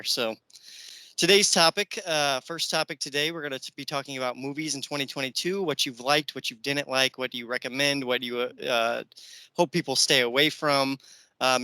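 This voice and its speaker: A man's voice: medium pitch, sharp tone, clear, resonant tone, no echo, rough recording. A man hosting a podcast, chatting casually and enthusiastically about movies with plenty of fillers. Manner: enthusiastic, rambling with many fillers. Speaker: podcast host.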